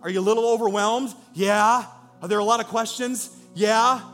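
Man, pastor, sermon, high voice, emphatic repetitive cadence, soft music behind. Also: fairly even intonation, quick pace. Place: church in a former car dealership.

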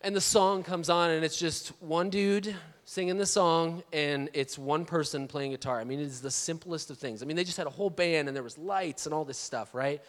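A man, a pastor telling a story in a conversational, animated sermon and asking for amens. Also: a little high, normal speed, in a large hall. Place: large church auditorium.

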